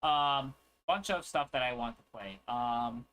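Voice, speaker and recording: A man's voice: mid-range voice, a little slow, fairly bright tone, rough recording. A young man chatting casually on a livestream, rambling and joking with crude asides. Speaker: streamer.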